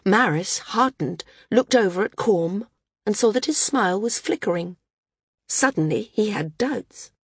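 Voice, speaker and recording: A woman narrates a novel in a steady, measured storytelling voice. Her tone is a little husky, and the recording is dry and close. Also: mid-range voice, no room sound. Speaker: audiobook narrator. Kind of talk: scripted narration.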